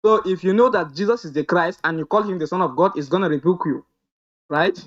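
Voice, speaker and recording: Brief: argumentative male caller, high voice, muffled call audio. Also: fairly bright tone. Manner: insistent, reads slowly, argumentative. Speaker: caller in a debate. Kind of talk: heated live debate.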